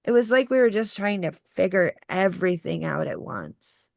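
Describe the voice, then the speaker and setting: Expressive and creaky at a fairly low pitch, this young female podcast co-host speaks at a normal speed as she tells a personal story. She's slangy and casual, swears freely, and calls people dude, on a dry recording of studio quality.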